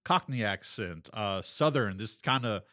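This man is a podcast co-host and game master whose fairly low voice sounds animated, pushed, and bright in an echo-free, studio-quality recording. His casual chat rambles, leans heavily on fillers, and dips into quick character voices.

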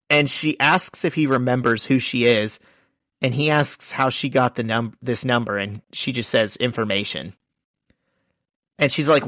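A man in relaxed podcast chat, walking through a story and slipping into the characters' lines. His voice sits in an ordinary middle pitch. The sound is dry and close, with no room echo. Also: moderate pace. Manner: lively storyteller, quoting characters. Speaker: podcast co-host. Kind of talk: casual chat, retelling a comic issue.

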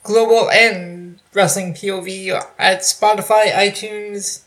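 A man's voice: high voice, steady tone, slow pace, fairly bright tone. A man co-hosting a wrestling podcast, reading out contact details in casual chat with some hesitant restarts. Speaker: podcast co-host.

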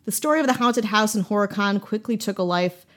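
A woman's voice: medium pitch, fairly quick. A woman from Wisconsin hosting a podcast, telling a ghost story in a casual, playful way with joking asides. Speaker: podcast host.

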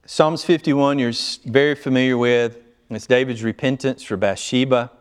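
A man's voice: steady tone, normal speed, clean tone. Emphatic man preaching a sermon. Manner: emphatic, swings between loud urgent stress and low quiet asides. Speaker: pastor. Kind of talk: expository sermon.

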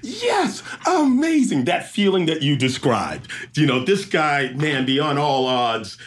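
Race emcee, male, average pitch, animated storyteller who acts out every beat. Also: unhurried. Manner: lively storyteller who acts out sounds and voices.

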